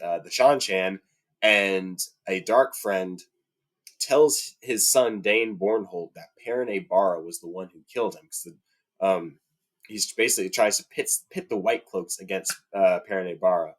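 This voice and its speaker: A man with a fairly low speaking voice talks through a long, casual rant, filling gaps with ums and likes. When he gets indignant his voice jumps much higher and louder, then settles back down as he retells the plot. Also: unhurried. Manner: heated, rising to high-pitched indignation, many fillers. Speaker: book fan commentator. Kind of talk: casual rant about a TV adaptation.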